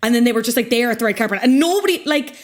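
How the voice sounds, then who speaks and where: A woman's voice: fairly high pitch, lively intonation, very fast. Playful chatty woman. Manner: chatty, playful, laughs while talking. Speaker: podcast co-host. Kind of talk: casual chat.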